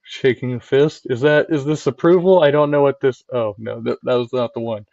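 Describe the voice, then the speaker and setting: A streamer and channel host rambles loosely on a live stream, reading chat and tagging his points with "right?" while swearing freely. His middling-pitched voice is fairly quick, with vocal fry and a darkish tone. The recording is dry and a bit dull, with no room around it.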